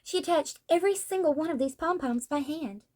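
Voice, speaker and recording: A woman reading aloud as a shy, earnest young female model from a comic, speaking softly and sincerely. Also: high voice, a little fast, pitched above the performer's own voice, natural voice.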